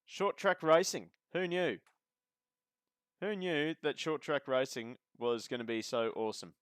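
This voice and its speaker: A man's voice: on the high side, a little slow, clean tone, no room sound, clean studio sound. A man giving casual live sim racing commentary as host of the stream, chatty and joking with the viewers. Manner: chatty, joking, talks to chat.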